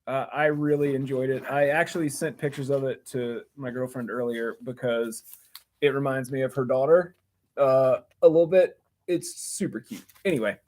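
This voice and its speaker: A man's voice: medium pitch, steady tone, normal speed, darkish tone. A man co-hosting a casual comics chat, enthusiastic and rambling with lots of fillers. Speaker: co-host.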